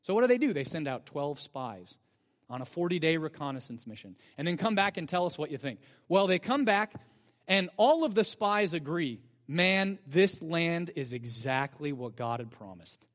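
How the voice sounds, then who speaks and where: Man, pastor, sermon, slightly high voice, animated, rhetorical questions, long church-hall reverb. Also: moderate pace. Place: church sanctuary.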